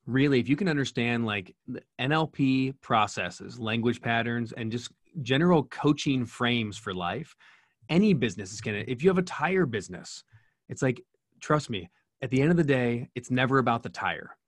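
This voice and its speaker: A man's voice: medium pitch, expressive, moderate pace, no echo, studio quality. A middle-aged man telling an earnest story as a podcast guest, with many restarts. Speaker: podcast guest, speaker and coach. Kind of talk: storytelling in interview.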